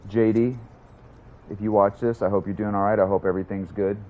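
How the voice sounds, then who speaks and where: A man's voice: lowish voice, steady tone, fairly quick, narrow, tinny audio. A young man chatting casually while livestreaming a game, rambling, swearing and answering his chat. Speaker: streamer.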